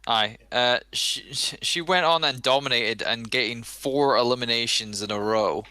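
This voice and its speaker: A man chats on a wrestling podcast at a slow, unhurried pace, his pitch rising and falling a lot. His voice is bright and smooth, and the recording is close and dry. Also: no room sound. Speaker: podcast co-host. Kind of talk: casual wrestling chat.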